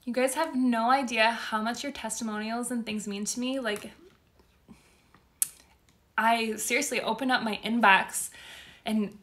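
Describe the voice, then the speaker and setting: A young woman speaks to her followers in a casual live stream, heartfelt and openly emotional. Her voice sits a little high and rings bright and clear. She gushes with gratitude as she talks. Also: fairly even intonation, a little slow, long pauses. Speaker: spiritual course creator.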